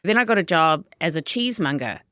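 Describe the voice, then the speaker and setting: Woman with a New Zealand accent, middle-aged, chatty chef guest, smooth low voice, dry close mic. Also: fast, no room sound. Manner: chatty, quotes herself in lively asides. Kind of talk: casual interview chat.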